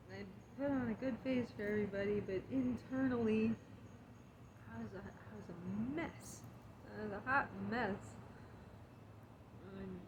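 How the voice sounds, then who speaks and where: Reflective woman vlogger, higher-pitched, casual and self-laughing; insect noise behind. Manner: chatty, laughs at herself often. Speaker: spiritual vlogger. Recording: clear background insect noise.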